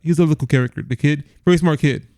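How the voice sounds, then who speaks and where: A man's voice: fairly high pitch, rapid-fire, a little mellow, dry recording, studio quality. A man co-hosting a casual movie review podcast, rambling with lots of restarts and laughs. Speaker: podcast co-host.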